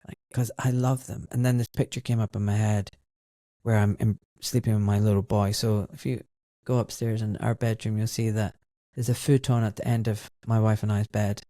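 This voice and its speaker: A man's voice: on the low side, level tone, moderate pace, warm tone, no echo, studio quality. A middle-aged man hosting a podcast, telling a personal story in an emotional, reflective way. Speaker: podcast host. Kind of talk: conversational interview.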